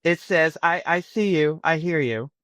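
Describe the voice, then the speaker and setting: Lively, chatty woman in her 60s. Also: deep voice, normal speed, no echo. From Nashville, Tennessee. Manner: lively, chatty storyteller who laughs often. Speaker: chef guest. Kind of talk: casual interview chat. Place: her home. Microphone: remote call.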